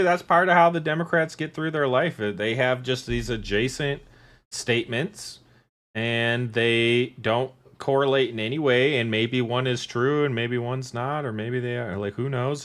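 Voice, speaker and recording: A male podcast co-host chats casually, rambling and sarcastic, and often lets his sentences trail off. His voice sits at medium pitch with a fairly bright tone.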